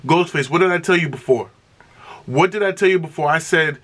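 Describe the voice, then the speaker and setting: A man hosting a music reaction video, talking casually and excitedly, often repeating himself and breaking into exclamations. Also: on the high side, moderate pace, husky.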